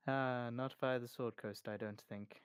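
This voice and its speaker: A game master voicing the cool, guarded woman who heads a smuggling guild, speaking in a measured, evasive and faintly ominous way, in a tabletop role-play. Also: medium pitch, clear, resonant tone, dry recording, studio quality, close to an everyday voice.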